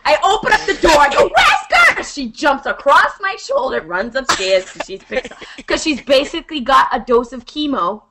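A woman's voice: sits high, moderate pace, background noise. A woman telling a story to friends in a casual, profane way, acting out what others said. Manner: profane, animated, acts out quotes in shifting voices. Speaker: podcast co-host.

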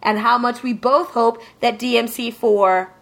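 A woman's voice: fairly high pitch, fairly even intonation, a little slow, creaky. Emphatic woman ranting casually. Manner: emphatic, ranting, swears freely. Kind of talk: casual chat.

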